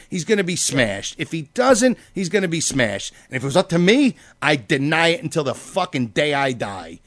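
A man's voice: a little high, a bit bright, no room sound. Ranting, swearing man with a dry sound. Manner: ranting, heated, swears a lot. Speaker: podcast co-host. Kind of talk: casual profane chat.

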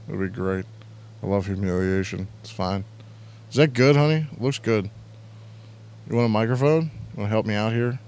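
A man's voice: lowish voice, normal speed, pauses often, darkish tone, slight background noise. A man hosting an internet radio show, chatting casually and crudely, rambling and reading out chat messages. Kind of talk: casual live-stream chat.

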